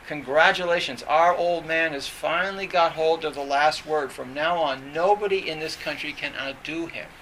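A man quoting a loud old-time monk. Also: on the high side, moderate pace, hardly any pauses, slight background noise, rough recording. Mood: proclaiming. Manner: loud proclamation. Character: senior male monk congratulating loudly.

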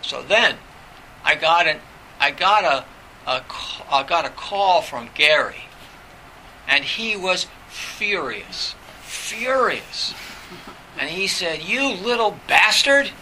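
A man's voice: a little high, animated, takes it slowly, pushed and bright, a little hiss or hum, rough recording. A middle-aged man, a professor, candidly recalling his own past in a reflective, conversational way. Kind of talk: personal recollection in conversation.

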